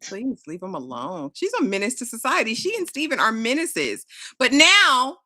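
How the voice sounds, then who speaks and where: Lively, bright-voiced sassy woman. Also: fairly high pitch, moderate pace. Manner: sassy, animated storytelling. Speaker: TV recap co-host. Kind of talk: casual recap chat.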